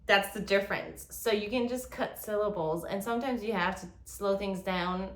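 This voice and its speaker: Her mid-range voice at a moderate pace, a yodeling teacher leads an online lesson, breaking things down step by step and stopping for demonstrations. There's a roomy echo.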